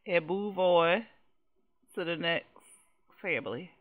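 Her voice on the low side and her pace slow, this woman hosts a gaming channel and comments casually on gameplay. She's animated and exasperated, cursing freely while speaking straight to viewers, captured on a dull, lo-fi recording.

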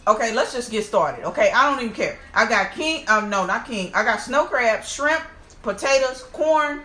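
A woman's voice: a little high, normal speed, reverberant. A woman hosting a casual eating vlog, exclaiming and talking to her viewers as she eats. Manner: animated, exclaiming, addresses viewers as y'all. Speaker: mukbang host.

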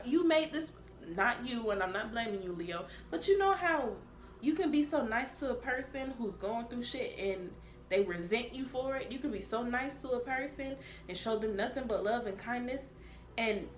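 Woman tarot reader, brash and profane, slightly high voice, faint room hum behind her. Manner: blunt, profane, animated. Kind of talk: casual tarot reading. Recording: echoey room with faint ambience.

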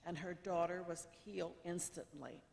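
Low-voiced woman reading the gospel. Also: fairly even intonation, darkish tone. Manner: clear, deliberate reading with quoted lines lifted. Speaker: gospel reader. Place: church sanctuary. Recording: church with long reverb.

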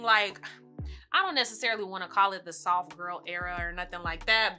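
A young woman chatting casually through a makeup tutorial, talking quickly and laughing often. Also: medium pitch, bright, forceful tone. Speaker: beauty vlogger.

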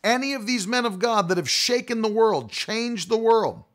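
An impassioned male preacher with a fairly high voice. He hammers his points through repetition and slows down on key phrases for weight, in a classic sermon delivery. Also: lively intonation. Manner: emphatic, repeating key phrases.

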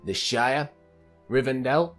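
A young man giving chatty, excitable commentary while playing a video game, often calling his viewers lads and mate. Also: medium pitch, takes it slowly, soft background music. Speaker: gaming channel host. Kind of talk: let's play gameplay commentary.

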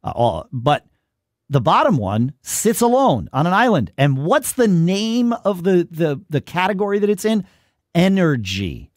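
Male tech-podcast host, lively and theatrical, mock-outraged, close dry studio sound. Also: sits high, a little slow, no echo. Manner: animated, mock-exasperated ranting. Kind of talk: casual tech podcast chat.

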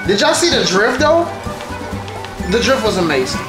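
Woman streamer, chatty gameplay commentary, lively swooping pitch, echoey room, faint music behind. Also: quick pace. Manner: animated, talks straight to viewers. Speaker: gaming streamer. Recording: roomy echo with faint background music.

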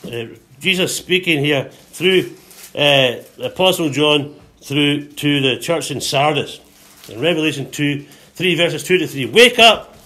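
A man preaching a sermon to a congregation, calling for responses, quoting scripture and acting out voices with sudden high shouts. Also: unhurried. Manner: call-and-response preaching, frequent hallelujahs.

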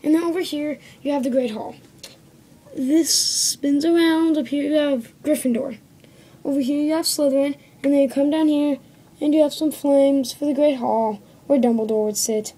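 Woman rambling through a toy review on her phone at home, kinda high voice but soft and mellow, keeps going "okay?". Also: steady tone, a little fast, poor audio. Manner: rambling, corrects herself often, tags lines with "okay?". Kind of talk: casual show-and-tell review. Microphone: phone camera.

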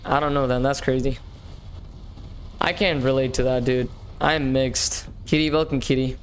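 A man's voice: mid-range voice, fairly even intonation, normal speed, slight background noise. A young man hosting a live gaming stream, chatting casually and upbeat with viewers, slangy and often repeating himself. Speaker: livestream gaming host.

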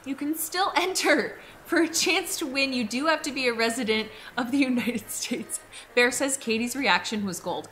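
A woman hosting a casual live stream while gaming, gushing and excitable, with squealing bursts. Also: high voice, moderate pace, slight background noise. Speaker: streamer host.

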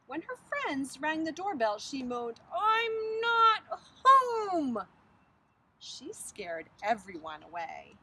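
Woman reading a storybook with lively melody. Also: a little high, unhurried, vocal fry, few pauses, a little hiss or hum, poor audio. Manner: expressive storytelling. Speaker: preschool teacher. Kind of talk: reading a picture book aloud. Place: outdoors on a bridge over a creek.

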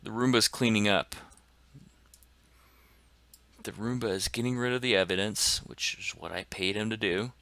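A man commenting excitedly on his gameplay as a gaming channel host, dropping to whispers and bursting into shouts. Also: on the low side, moderate pace, gravelly, pauses often, no room sound. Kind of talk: let's play commentary.

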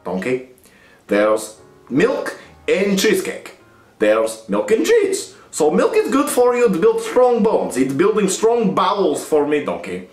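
A man's voice: sits high, wildly swooping pitch, a little slow, soft background music, exaggerated voice. A man voicing a gluttonous, crude male ogre who whines and groans in a puppet comedy skit. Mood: lecturing. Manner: whiny, indulgent, groaning. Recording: echoey room.

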